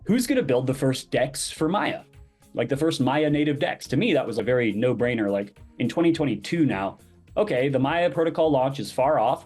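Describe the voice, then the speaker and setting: A man spinning a story as a podcast guest, animated, slipping into the voices of the people he quotes. His pitch sits in the middle range. Music plays faintly underneath. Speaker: podcast guest, crypto project founder. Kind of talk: casual interview storytelling.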